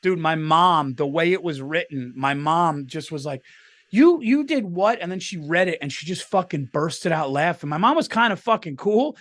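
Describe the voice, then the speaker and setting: Middle-aged man, podcast co-host, casual chat, cursing storyteller, slightly high voice, dry close sound. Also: normal speed, few pauses, fairly bright tone, no room sound. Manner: swearing storyteller, laughs through his stories.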